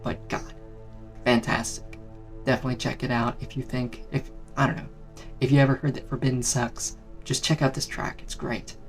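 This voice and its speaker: A man casually ranking favourite songs in a rambling vlog, keeping his voice down, swearing and filling pauses with ums. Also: mid-range voice, little pitch movement, soft background music. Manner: keeps voice down on purpose. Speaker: music video creator.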